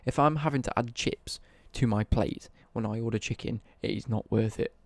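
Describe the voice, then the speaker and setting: A man's voice: medium pitch, normal speed, no room sound. A young British man ranting on a casual live stream, sweary and worked up.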